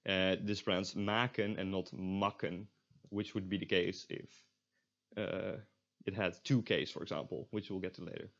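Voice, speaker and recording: Man, Dutch accent, young adult, casual language lesson, corrects himself, fairly low voice. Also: flat delivery, moderate pace, creaky. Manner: explains step by step, stops to correct himself. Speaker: language tutor. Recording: dull lo-fi audio.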